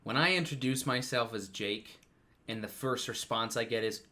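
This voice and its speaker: A man's voice: mid-range voice, moderate pace, sharp tone. A man co-hosting a casual podcast, throwing in wry, joking interjections. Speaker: podcast co-host. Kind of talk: casual chat.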